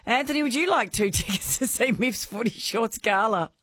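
A woman hosting a radio quiz, bubbly and quick to laugh. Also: fairly high pitch, fairly bright tone, dry recording. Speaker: radio host.

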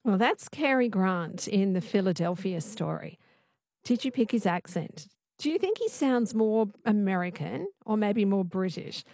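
A woman's voice: mid-range voice, lively intonation, measured pace, a little mellow, no room sound. A woman hosting a late-night radio talk show, chatting with listeners and guests in a studio. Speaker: radio host. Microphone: studio microphone.

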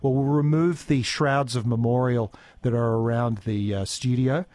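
An Australian radio host, a man with a middle-pitched voice, talks in an easygoing, chatty manner, full of ums and restarts. His studio mic sound is dry and close, with no room around it. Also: fairly even intonation, normal speed, darkish tone, no room sound. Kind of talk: live radio chat and listener messages. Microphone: studio microphone.

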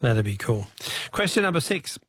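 A man's voice: medium pitch, big pitch swings, moderate pace, slightly rough, dry recording. A man with an Australian accent hosting a talkback radio quiz, chatty, reading out listener texts and taking callers. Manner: chatty, reads texts aloud, laughs easily.

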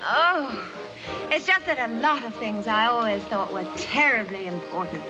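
A spirited young society woman with a mid-Atlantic accent, as an actress plays her, using polished, theatrical diction in a slightly raised voice. A film score plays clearly under her lines. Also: fairly high pitch, lively intonation, normal speed, dull audio, close to an everyday voice. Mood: breezy. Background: film music.

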